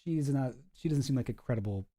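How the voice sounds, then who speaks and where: A man's voice: medium pitch, lively intonation, a little fast, mellow. A man giving casual, rambling commentary with lots of fillers, reading documents aloud as he goes.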